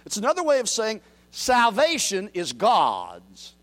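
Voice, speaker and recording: A man preaching a sermon, reading scripture aloud and swinging from quiet, low murmurs to loud, raised declarations. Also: wildly swooping pitch, unhurried. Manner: reads scripture aloud and asks the congregation to repeat. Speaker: pastor.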